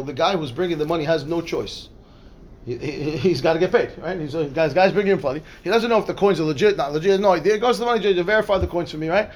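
High-voiced rabbi teaching a Talmud class. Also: male voice. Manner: repeats words and restarts, asks "right?" often. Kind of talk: lively Torah class, reading Hebrew text and explaining.

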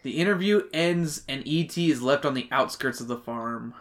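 A man's voice: medium pitch, moderate pace. A man co-hosting a casual book-review podcast, reading chapter summaries with crude jokes and frequent swearing. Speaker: podcast co-host.

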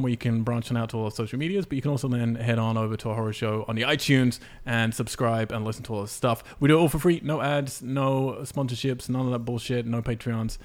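A man hosting a podcast, talking quickly and casually with frequent laughs and swearing asides. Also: mid-range voice, darkish tone. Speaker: podcast host. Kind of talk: casual chat.

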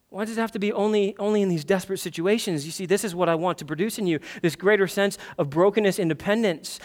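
A man in his thirties with a high voice preaches a sermon in a church. He talks with a lot of energy and acts out desperate prayers in a raised, pleading voice. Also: animated, quick pace. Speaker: pastor. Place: church sanctuary.

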